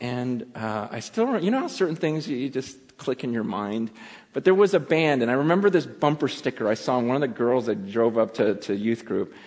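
A middle-aged man preaching a sermon as pastor, telling the story in an animated way that swings from loud to hushed. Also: mid-range voice, a little fast, husky. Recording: long reverb of a large hall.

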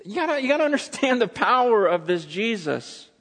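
A man preaches a sermon with a somewhat high voice, swinging between hushed retelling and animated, dramatic bursts. His words ring out with the long reverb of a large church sanctuary. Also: fairly quick. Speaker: pastor.

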